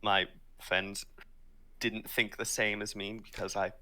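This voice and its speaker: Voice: deep voice, level tone, measured pace, pushed and bright. A player in a tabletop game, speaking earnestly and apologetically in character.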